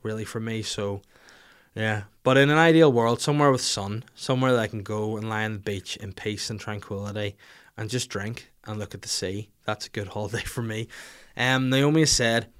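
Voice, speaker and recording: A man's voice: on the low side, normal speed, fairly bright tone, clean tone. A man, hosting a podcast in casual, rambling comic banter full of crude jokes. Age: 30s. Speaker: podcast host. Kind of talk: casual chat.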